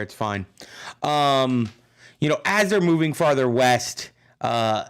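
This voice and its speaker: Man, history teacher, casual lecture, gravelly, chatty. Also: medium pitch. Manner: chatty, loose, checks in with "right?".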